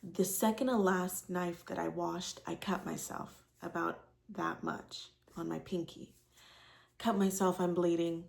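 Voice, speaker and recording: A woman's voice: lowish voice, steady tone, measured pace, gravelly. A woman in her twenties frankly telling a rambling personal story to camera, with many fillers and casual swearing. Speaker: vlogger.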